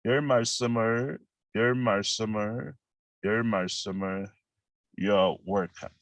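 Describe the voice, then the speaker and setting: Gravelly Korean-accented male teacher. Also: lowish voice, fairly even intonation, no echo, rough recording. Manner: slow explanations in halting English with many fillers, Korean phrases repeated quickly. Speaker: language teacher. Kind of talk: relaxed spoken language lesson.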